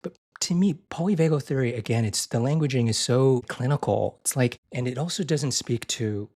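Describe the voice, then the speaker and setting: An earnest man speaks in a conversational podcast interview, often repeating himself and restarting phrases. His pitch sits in the middle of the male range. When he quotes gentle, loving words, his voice rises higher and softer. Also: normal speed. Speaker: guest, physician and IFS therapist.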